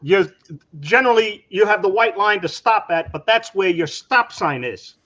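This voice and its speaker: A man's voice: sits high, expressive, moderate pace, fairly bright tone, lo-fi sound. A man in casual chat, mostly giving short replies and now and then a brief story. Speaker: guest on live chat.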